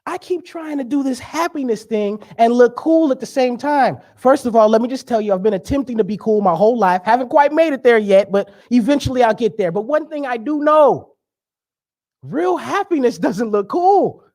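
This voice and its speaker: A man's voice: very high-pitched, lively intonation, moderate pace, a little mellow. A young man giving a sermon as a guest speaker, conversational and joking, with emphatic preaching.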